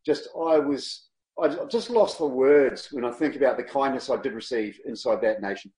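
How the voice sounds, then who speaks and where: A man, a guest telling travel stories in a casual, animated way and laughing often. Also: mid-range voice, moderate pace. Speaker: guest, long-distance cyclist. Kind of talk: casual storytelling interview. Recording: roomy echo.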